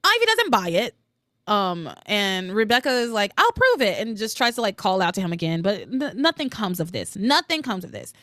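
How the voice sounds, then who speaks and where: A woman hosting a solo podcast, recapping soap opera episodes in an animated, opinionated way, swearing freely. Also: normal speed, no echo, studio quality. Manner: animated and opinionated, swears freely, quotes characters with jumps in pitch.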